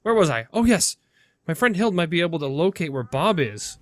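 A man's voice: on the high side, big pitch swings, a little fast, no room sound. A man doing a fretful cat owner. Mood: worried. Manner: anxious, fussing, lifted delivery. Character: fretful man worried about his missing cat.

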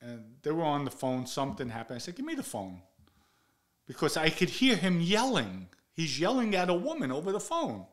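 A man's voice: a little high, wildly swooping pitch, normal speed. An older man from the Bronx, hosting a show and telling stories in a blunt, profane, casual way, raising his voice when he acts out quotes. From the Bronx, New York. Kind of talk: casual storytelling monologue.

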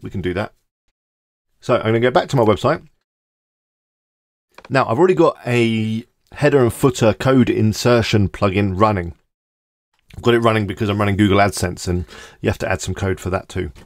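Low gravelly man walking through a tutorial. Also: a little fast, pauses often, no echo. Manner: casual, thinking aloud while clicking through. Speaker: tutorial host. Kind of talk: screen-recorded software tutorial.

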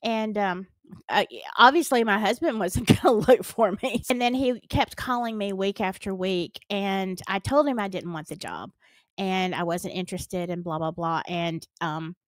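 A woman's voice: mid-range voice, normal speed, dry recording. A middle-aged woman with a Southern US accent, earnestly and dramatically retelling a personal story on her vlog. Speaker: storytime vlogger.

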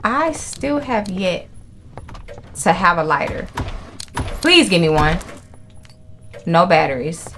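A young woman commentating her horror gameplay, excitable and profane, with jumpy reactions. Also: on the low side, takes it slowly, pauses often, slight background noise. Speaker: gaming channel host. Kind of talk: live horror game commentary.

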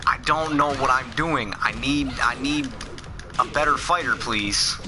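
A young man casually commenting on a fighting game as he streams it, excitable and quick to swear and laugh. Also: mid-range voice, over music. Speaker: gaming streamer.

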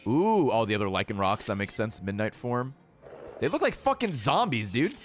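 A man streaming a game, excitable and swearing freely as he yells at the creatures on screen. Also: mid-range voice, normal speed, faint music behind. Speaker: gaming streamer. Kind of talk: casual let's-play commentary.

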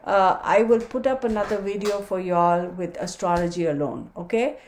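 A woman's voice: mid-range voice, moderate pace, darkish tone, reverberant. Chatty woman reading astrology dates. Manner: chatty, reads dates aloud, addresses viewers as y'all. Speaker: tarot reader. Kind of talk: casual astrology talk to viewers.

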